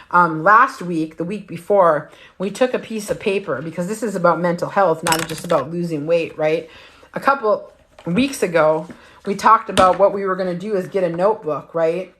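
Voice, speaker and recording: Swearing plenty and speaking bluntly and emphatically, the host of a weight-loss livestream shares a personal story. She has a lowish voice with a fairly bright tone.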